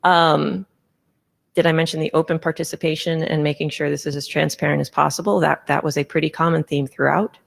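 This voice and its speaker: A woman's voice: low voice, fairly even intonation, brisk, vocal fry. A woman chairing a conference meeting session, presenting a proposal in an informal way with many fillers and restarts. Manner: informal, filler-heavy, self-correcting.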